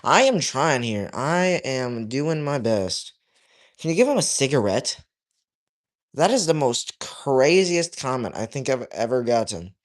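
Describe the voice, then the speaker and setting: A young man chatting casually on his livestream while he draws, reading viewers' comments aloud and joking around, his voice swinging from loud to mumbled. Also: on the high side. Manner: reads chat aloud, jokey, drifts loud to mumbling. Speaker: livestreaming artist.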